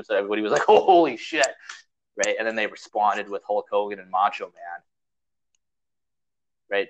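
A man's voice: lowish voice, a bit bright, a little hiss or hum, low-quality recording. A young man hosting a podcast, rambling in casual chat, swearing often and packing his talk with fillers. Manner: rambling, profane, full of fillers. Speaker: podcast host.

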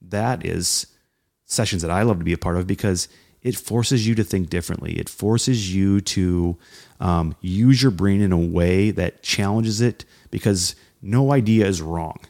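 A man co-hosting a casual talk on leadership, animated and often acting out what people say. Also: low voice, unhurried, gravelly. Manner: animated, acts out quoted voices. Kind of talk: casual conversation about leadership.

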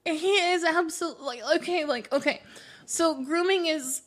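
A woman's voice: very high voice, normal speed, fairly bright tone. A young woman co-hosting a casual movie chat, teasing and blunt, with frequent giggles.

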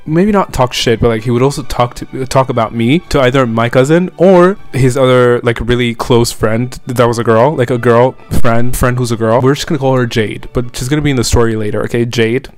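A young man chatting through a storytime vlog in a loose, rambling way. His voice sits at an everyday middle pitch, and he keeps circling back with "like" and asides to the listener. He sounds relaxed and unscripted. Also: fairly quick, few pauses, faint music behind. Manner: rambling, filler-heavy, frequent "like" and "you know what I mean". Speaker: vlogger telling a personal story. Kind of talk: casual storytime monologue.

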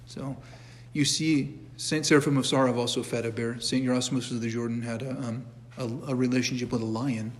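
Middle-aged male church teacher, relaxed and conversational, frequent restarts, recorded with long hall echo. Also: mid-range voice, brisk, hardly any pauses. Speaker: catechism teacher. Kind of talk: informal church class lecture.

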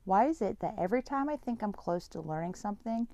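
A woman's voice: medium pitch, lively intonation, quick pace, dark tone. A woman reading a first-person story aloud in a plain, conversational way.

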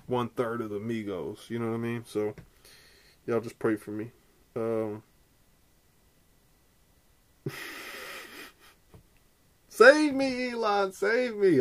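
A man's voice: on the low side, gravelly. A man hosting a casual comedy podcast, telling rambling, slangy, jokey stories. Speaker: podcast host.

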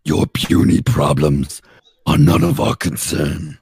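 A man's voice: takes it slowly, a little mellow, no room sound, full character voice. A man voicing a haughty, lawful evil white dragon in a tabletop game, speaking in cold, menacing pronouncements. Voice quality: deep gravelly rasp.

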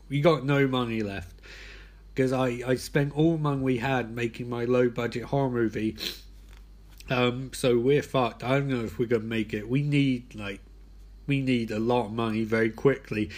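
A man hosting a podcast as a comic monologue. He is exhausted and swings between frantic swearing rants and tired mumbling. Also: medium pitch. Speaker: podcast host.

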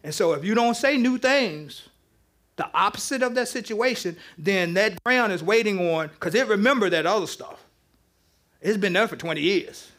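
High-voiced pastor preaching with humor. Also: male voice, animated, moderate pace, a bit bright. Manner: conversational, joking with the congregation. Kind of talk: interactive sermon. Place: church with live congregation.

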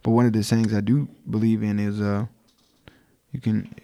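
A man's voice: on the low side, level tone, moderate pace, mellow. A man from Newark, New Jersey, a podcast guest talking reflectively in casual chat. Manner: reflective, many fillers and restarts.

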